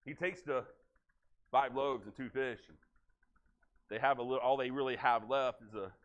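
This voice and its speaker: A man preaching a sermon in a church, telling the story in a folksy, animated way. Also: mid-range voice, moderate pace, muffled recording. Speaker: pastor. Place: church sanctuary.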